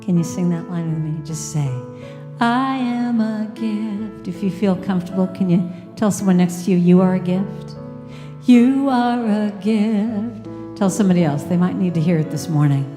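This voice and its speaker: A woman speaking as a guest to a church congregation, warmly leading them in call-and-response affirmations. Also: medium pitch, normal speed. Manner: warm, encouraging, call-and-response. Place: church sanctuary. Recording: reverberant hall with live music.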